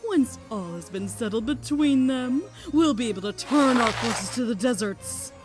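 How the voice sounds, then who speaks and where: A woman voicing a commanding villain queen who plans an invasion in a fan audio drama, with an imperious, brisk manner. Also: a little high, animated, music in the background, lightly acted.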